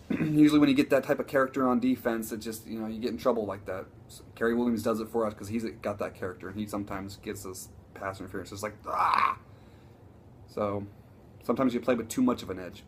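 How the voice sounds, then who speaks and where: A man ranting casually about his football team, profane and excitable, rambling with frequent restarts. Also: on the low side, a little hiss or hum. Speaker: sports vlogger. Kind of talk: casual sports rant.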